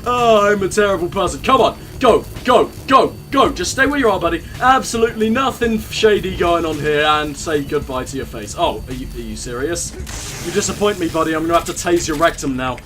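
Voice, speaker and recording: A man's voice: on the high side, lively intonation, fairly quick, fairly bright tone, soft background music. A young man casually commenting on his gameplay, joking irreverently and talking to the characters on screen. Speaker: let's play gamer.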